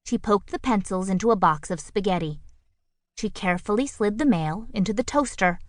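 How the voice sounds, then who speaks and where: A woman narrating a children's picture book audiobook with expressive, playful storytelling on a close studio mic. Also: mid-range voice, normal speed, no room sound.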